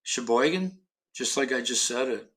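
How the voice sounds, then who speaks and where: A man's voice: medium pitch, lively intonation, normal speed, fairly bright tone. A middle-aged man from Ohio in casual chat, rambling with many restarts and fillers and casual swearing. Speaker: podcast host.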